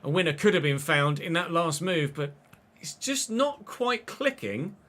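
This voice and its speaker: A man, chatting and commentating excitedly while streaming a football game. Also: fairly high pitch, unhurried. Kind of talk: live gameplay commentary.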